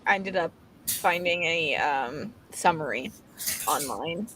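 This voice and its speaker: A woman from Canada hosts a casual reading stream over a video call. Her pitch swings widely as she chats, trailing into fillers and restarting her sentences, with a faint hiss behind her. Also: animated, slow pace, a bit bright. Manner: chatty, hesitant, many fillers and restarts. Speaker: host.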